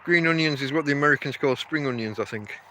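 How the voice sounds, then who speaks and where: English host walking his dog at night, rambling phone-stream chat, a touch higher voice than most men, faint outdoor hiss. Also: fast, pushed and bright. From England. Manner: rambling, talks to his dog between thoughts. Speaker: podcast host. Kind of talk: casual live-stream chat.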